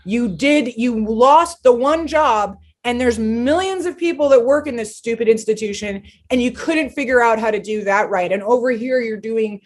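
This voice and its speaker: A woman speaking as a podcast guest in a casual interview chat, animated and blunt, swearing freely. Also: fairly high pitch, moderate pace, hardly any pauses.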